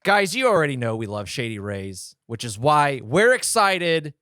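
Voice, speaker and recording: A man's voice: on the high side, sing-song, moderate pace, bright, forceful tone, dry recording, clean studio sound. A man co-hosting a podcast, reacting with chuckles and reading a sponsor spot casually. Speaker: podcast co-host. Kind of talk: casual chat and ad read.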